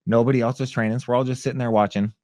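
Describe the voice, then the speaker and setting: A man's voice: medium pitch, rapid-fire, dry recording, studio quality. A man, a former fighter, telling a story as a podcast guest and acting out the voices of the people in it. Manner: lively storyteller who acts out other people's shouts. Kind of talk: animated storytelling in a conversation.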